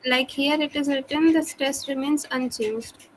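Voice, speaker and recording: A woman's voice: high-pitched, fairly even intonation, a little slow, rough recording. A woman student asking her teacher questions hesitantly, calling her ma'am.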